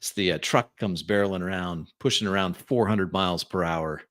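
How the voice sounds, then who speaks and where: Low-voiced man narrating a tabletop game. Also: a little fast, fairly bright tone. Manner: loose, with frequent fillers and restarts. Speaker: game master.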